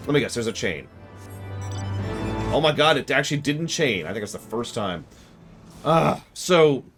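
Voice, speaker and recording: A man streaming a game, chatting casually and retelling scenes with quick mock voices and exasperated outbursts. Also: a little high, a bit bright. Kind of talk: casual let's-play commentary.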